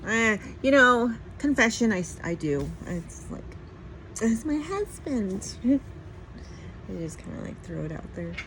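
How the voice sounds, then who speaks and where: A woman's voice: mid-range voice, expressive, normal speed, hardly any pauses, fairly bright tone, slight background noise, low-quality recording. A middle-aged woman chatting casually at home in a morning vlog, rambling and laughing often. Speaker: vlogger.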